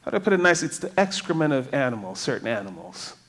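A man's voice: mid-range voice, very animated, quick pace, a bit bright. A man preaching a sermon in a conversational way, reading scripture and asking the congregation rhetorical questions.

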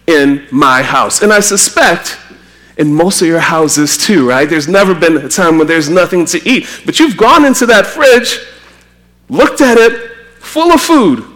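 A man from Trinidad preaching a sermon, animated and acting out quotes with a raised voice. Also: fairly high pitch, unhurried.

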